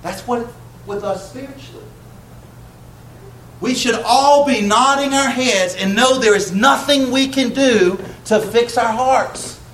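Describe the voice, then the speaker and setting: A man's voice: very high voice, slow, fairly bright tone, a little hiss or hum. A man preaching a sermon in a church, speaking conversationally and asking the congregation questions. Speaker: pastor. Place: church sanctuary. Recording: echoey church room, faint ambience.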